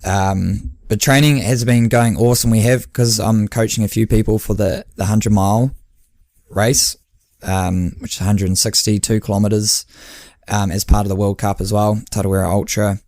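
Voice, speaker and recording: A New man with a lowish voice chats on a podcast in a loose, rambling way. He laughs often and acts out his own lines of dialogue. The recording is dry and close. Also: fairly even intonation, moderate pace, a little mellow, no room sound. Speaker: podcast co-host and endurance coach. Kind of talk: casual chat.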